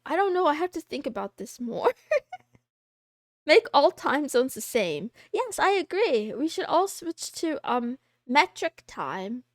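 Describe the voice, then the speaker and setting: A young woman VTuber chatting casually with her live chat, playful and quick to laugh. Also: high-pitched, no echo, studio quality. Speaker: VTuber streamer.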